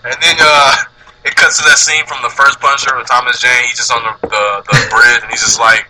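A man co-hosting a casual movie podcast, animated and profane, laughing often as he talks. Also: medium pitch, fairly quick, background noise. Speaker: podcast co-host.

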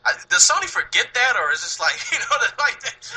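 A man co-hosting a casual movie podcast, animated and profane, laughing often as he talks. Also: extremely high pitch, fast, breathy edge, rough recording. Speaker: podcast co-host.

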